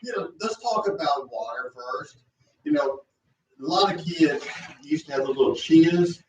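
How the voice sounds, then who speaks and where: A man's voice: a little high, animated, a little slow. Folksy rambling male radio guest. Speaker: radio guest, school board candidate. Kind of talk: casual on-air chat. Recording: roomy, distant, dull sound with faint noise.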